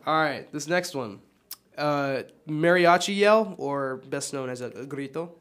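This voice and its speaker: A man's voice: a little high, measured pace, fairly bright tone. A young man hosting a casual student podcast, upbeat and playful, often laughing. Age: young adult. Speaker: podcast host.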